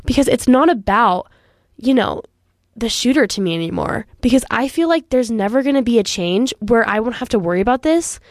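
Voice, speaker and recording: A woman's voice: on the high side, animated, brisk, no room sound, studio quality. A young woman in her late teens hosting a youth radio show, talking in an earnest, frustrated, impassioned way and saying "like" often. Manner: frustrated, earnest, heavy use of "like". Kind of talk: impassioned personal commentary.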